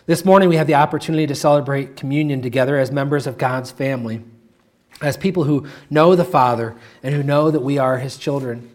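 Measured man preaching, hushed on key phrases. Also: mid-range voice. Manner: measured storytelling that slows and softens to a hush on key phrases. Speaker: pastor. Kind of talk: sermon with a read-aloud story.

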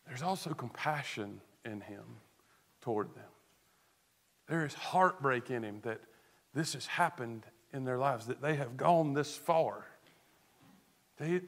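A man preaching a sermon as pastor, earnest, moving between hushed tones and emphatic stress, with rhetorical questions. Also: medium pitch.

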